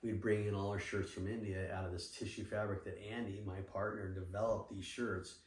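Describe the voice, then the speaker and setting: A middle-aged man with a somewhat low voice spins animated business stories, slipping into the voices of people he quotes and cursing casually. He sits back from the mic, so the sound is roomy and distant. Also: normal speed. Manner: animated, acts out quoted dialogue, swears freely. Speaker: podcast guest, surf apparel businessman. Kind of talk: casual storytelling interview.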